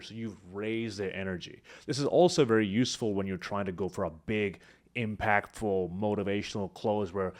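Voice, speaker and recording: A man teaching public speaking, talking to camera with lively swings between high energy and quiet, hushed moments. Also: fairly quick. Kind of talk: instructional talk to camera.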